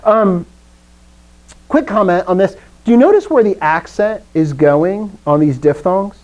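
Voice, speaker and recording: A man's voice: high-pitched, expressive, unhurried, darkish tone, highs cut off. A young man teaching a Greek class for adults, upbeat and self-deprecating, drilling words aloud for his students to repeat. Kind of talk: classroom lesson with call-and-response drills.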